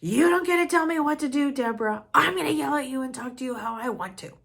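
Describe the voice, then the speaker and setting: A woman mimicking her shrill raging mother. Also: animated, fast, creaky, exaggerated voice. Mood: yelling. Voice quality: shrill, hostile yelling. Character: raging controlling mother, older woman, shouting.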